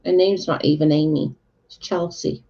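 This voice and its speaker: A woman chatting on a livestream and answering viewer comments, blunt and a little sweary. Her voice is mellow and gravelly with plenty of fry. The sound is dull and lo-fi. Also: sits low, fairly even intonation, normal speed. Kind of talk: casual chat. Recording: dull lo-fi recording.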